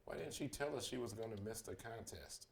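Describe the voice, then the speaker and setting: A man's voice: lowish voice, fairly quick, creaky. A man reading the lines of an upset young girl in a storybook, with a demanding tone. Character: upset, angry girl, a bandmate.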